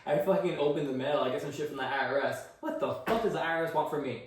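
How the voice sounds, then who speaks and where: A man's voice: a little high, fast talker. A man co-hosting a casual podcast chat, ranting with constant swearing. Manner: profane, ranting, heavy swearing. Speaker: podcast co-host. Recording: echoey room, distant mic, faint noise.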